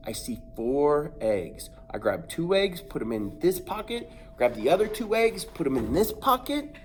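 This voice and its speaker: Animated man telling a wild story. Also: fairly high pitch, slight background noise. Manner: animated, acts out sounds and voices; dramatic, builds suspense. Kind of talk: comic personal anecdote.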